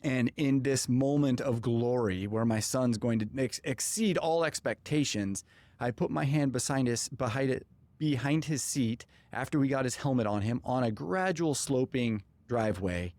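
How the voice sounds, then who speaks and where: A man hosting a podcast, telling a personal story in an animated way and acting out the dialogue. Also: mid-range voice, moderate pace, dry recording. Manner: animated, acts out quoted dialogue. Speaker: podcast host. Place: podcast studio.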